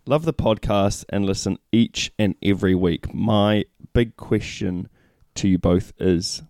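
A man with a fairly low voice co-hosts a podcast, joking and teasing in easy chat. The sound is close and dry. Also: measured pace, a little mellow, no room sound. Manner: teasing, jokey, reads listener questions. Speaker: podcast co-host. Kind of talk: casual chat.

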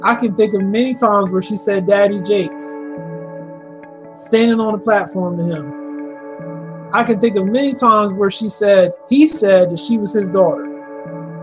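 A man's voice: sits high, normal speed, soft background music. A man hosting a radio commentary show, talking in a sarcastic, mocking way. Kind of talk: opinion commentary podcast.

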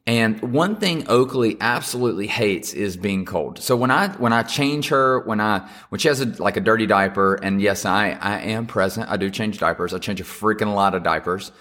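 A young man with a somewhat low voice preaching in a relaxed, conversational way. He talks earnestly and encouragingly, with plain fillers and restarts, and moves into a heartfelt prayer. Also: normal speed, hardly any pauses. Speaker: pastor. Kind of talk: casual sermon with closing prayer.

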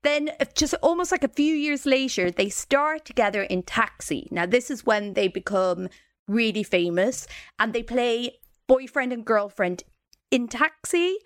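Higher-pitched woman telling a story. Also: unhurried, no room sound, studio quality. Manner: recounts a story with hesitant fillers and asides. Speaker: podcast co-host. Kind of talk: casual storytelling chat.

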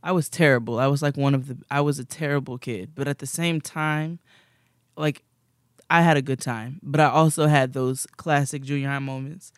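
Animated young man telling stories. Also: mid-range voice, moderate pace, clean tone, no echo, clean studio sound. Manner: animated, rambling, laughs often. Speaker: podcast co-host. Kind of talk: casual storytelling chat.

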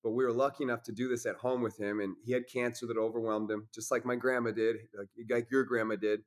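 Podcast guest, male, mid-pitched, intense, profane, preachy. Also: level tone, fast. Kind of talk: casual conversation.

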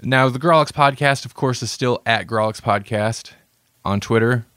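A man's voice: mid-range voice, moderate pace, fairly bright tone, no echo, studio quality. A man hosting a podcast in casual chat, joking and rambling with frequent laughs. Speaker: podcast host.

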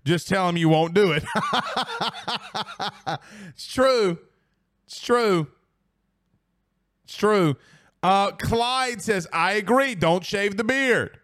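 On a studio mic, a high-pitched man hosts a casual sports talk show, reading listener comments in an excitable, rambling way. He speaks extremely slowly, pausing often, laughing a lot and restarting sentences.

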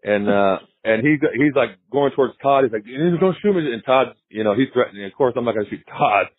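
A former pitcher as a guest, telling stories in a rambling, casual way, often repeating himself and laughing. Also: male voice, brisk. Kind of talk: casual storytelling interview. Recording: tinny phone line.

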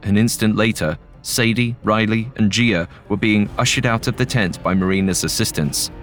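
Male horror narrator, low voice, even delivery, soft music underneath. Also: normal speed. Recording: faint music bed.

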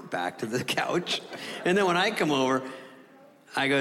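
A man doing stand-up comedy on a theater stage, telling a sardonic, animated story. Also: medium pitch, fairly quick, long pauses. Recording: reverberant hall with ambient noise.

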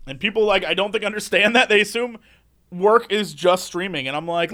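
Young male streamer, high voice, animated rambling chat, dry close sound. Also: a little fast, no echo. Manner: animated, rambling, laughs a lot. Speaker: streamer and video maker. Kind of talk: casual chat.

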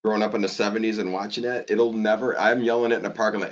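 A man's voice: fairly low pitch, fairly even intonation, fast talker, few pauses. A man in his late fifties, a podcast guest, talking sports in an emphatic, insistent way. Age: late 50s. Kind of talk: casual sports talk. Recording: dull lo-fi sound.

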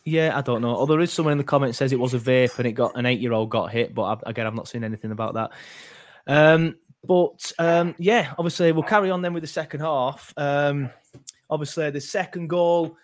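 A man's voice: a little high, a little fast. A man hosting a casual football fan podcast, rambling with many fillers and restarts. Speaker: podcast host.

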